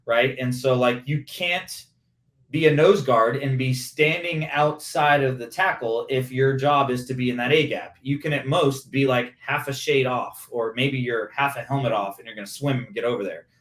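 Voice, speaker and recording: A man in his forties talks in a lively, detail-heavy way, walking through plays step by step as an interview guest. His voice sits at a middle pitch, and the recording carries a noticeable roomy echo. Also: normal speed, far from the mic. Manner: animated, explains with hands-on play-by-play detail. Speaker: former pro football receiver, podcast guest. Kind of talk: conversational interview. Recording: roomy, echoey room sound.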